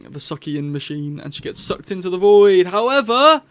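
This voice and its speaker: A man's voice: on the high side, normal speed, dark tone, no room sound. A young man, hosting a casual vlog review in a rambling, chatty, enthusiastic way. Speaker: YouTube host.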